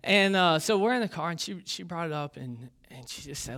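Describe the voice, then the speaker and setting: A man's voice: on the high side, lively intonation, a little fast, fairly bright tone. A young man giving a casual sermon as a pastor, joking and poking fun at himself, with plenty of ums and uhs. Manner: joking and self-deprecating, with many fillers.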